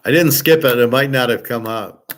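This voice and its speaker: A man teaching a relaxed online class, blunt and profane, rambling with restarts and answering viewers' chat. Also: medium pitch, normal speed, slight background noise. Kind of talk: casual livestream lecture.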